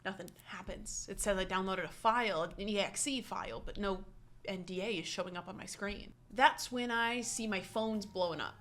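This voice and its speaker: A woman's voice: medium pitch, moderate pace, fairly bright tone. A young woman telling a story on her vlog, dramatic and self-mocking, acting out her own panicked lines.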